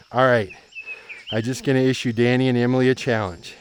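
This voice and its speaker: Here a travel vlogger strolls a mountain trail, talking to the camera in a relaxed, chatty way and gushing over the sights. He speaks fairly quickly in a smooth, medium-pitched voice with a level tone.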